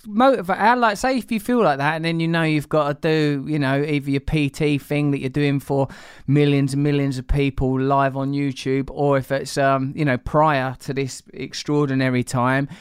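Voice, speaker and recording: A male interview host with a smooth, resonant voice, recorded close and dry. He speaks thoughtfully and articulately, reaching for long, elaborate phrasing in a relaxed conversation. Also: fairly high pitch, normal speed, dry recording.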